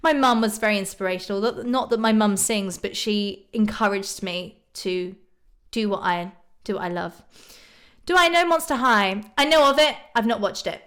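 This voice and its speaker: Speaking at a moderate pace in a medium-pitched, slightly bright voice, this YouTube singer hosts a casual live stream, going through viewers' comments and questions. She's a young woman from just northwest of London with a southern English accent, and her answers are peppered with ums and small laughs.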